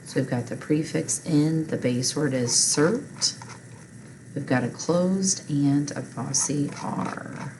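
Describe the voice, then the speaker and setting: A woman's voice: low-pitched, takes it slowly, background noise. A woman teacher patiently walking learners through a recorded reading lesson step by step.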